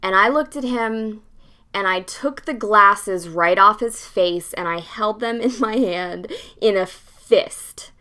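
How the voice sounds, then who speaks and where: A young woman hosting a podcast tells a story in a casual, animated way, acting out the dialogue and swearing freely. She has a medium-pitched voice and takes her time.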